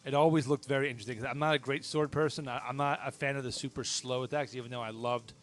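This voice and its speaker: A man's voice: mid-range voice, fast, faint music behind. A young man co-hosting a podcast, chatting casually and jokingly about video games. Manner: relaxed, jokey, puts on a Jersey voice for laughs. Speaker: podcast co-host.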